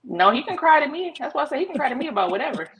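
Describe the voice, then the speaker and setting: A woman's voice: sits high, big pitch swings, rapid-fire, vocal fry, crowd noise, poor audio. A woman co-hosting a podcast, talking bluntly and emphatically with plenty of profanity in a casual debate. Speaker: podcast co-host.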